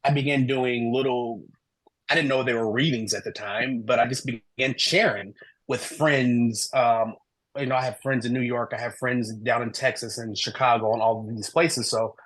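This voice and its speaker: Husky-voiced man telling his story. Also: medium pitch, moderate pace, no room sound, low-quality recording. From American Midwest. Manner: animated storyteller acting out quoted dialogue. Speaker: guest, human design reader. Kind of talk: storytelling in a podcast interview.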